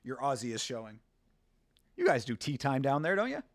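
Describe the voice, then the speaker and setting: A man's voice: medium pitch, huge pitch swings, a little fast, no room sound, studio quality. A young American man hosting a casual fight watch-along, chatting with viewers and swearing casually. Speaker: livestream host.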